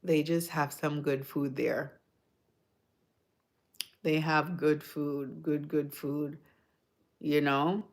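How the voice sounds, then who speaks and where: A woman's voice: low-pitched, level tone, drawn-out words, long pauses. A woman hosting a livestream, chatting casually with viewers in a rambling, storytelling way and gushing about food. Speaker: livestream host. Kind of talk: casual chat answering viewers.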